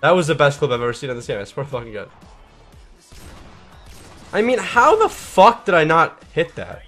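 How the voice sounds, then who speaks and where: Dude cursing thru his gameplay commentary, chill mumbling then yelling, voice jumps around a lot. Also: on the high side, big pitch swings, moderate pace, faint music behind. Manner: profane, swears constantly; laid-back and mumbling, bursts into shouts at big plays. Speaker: gaming channel host.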